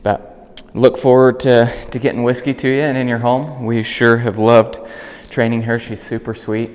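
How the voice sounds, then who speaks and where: A man working as a dog trainer, calmly explaining an outdoor training demonstration and breaking off to call and praise the dog. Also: normal speed, long reverb tail. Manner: calm explaining, bursts of high praise calls to the dog.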